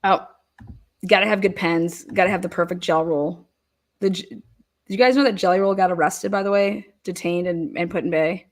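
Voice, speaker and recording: A woman's voice: lowish voice, moderate pace. A woman hosting a livestream, chatting casually with her viewers and giggling often. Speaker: livestream host. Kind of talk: casual chat over a courtroom livestream.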